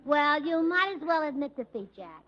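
A woman's voice: high-pitched, lively intonation, moderate pace, a bit bright. A woman in a 1940s radio comedy with a sweet, scatterbrained, chirpy delivery. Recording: dull vintage radio broadcast with faint hiss.

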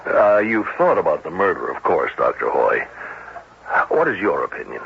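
An actor playing a skeptical police captain, questioning a witness in an old-time radio drama. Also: male voice, low voice, sing-song, vocal fry, full character voice. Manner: questioning, skeptical, brisk interrogation. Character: probing male police captain. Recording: dull old radio broadcast with faint hiss.

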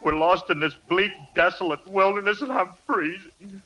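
A man's voice: sits high, fairly even intonation, moderate pace, bright, forceful tone, poor audio. A man leading a 1940s radio comedy, blustering and theatrically panicky. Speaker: comedy show host and lead. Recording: hissy old radio recording.

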